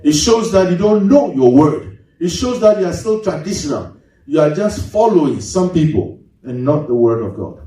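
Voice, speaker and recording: A man preaching a sermon as pastor, swinging his pitch sharply and mimicking congregants. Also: big pitch swings, normal speed, warm tone. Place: large church hall. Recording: echoey hall, mic at a distance.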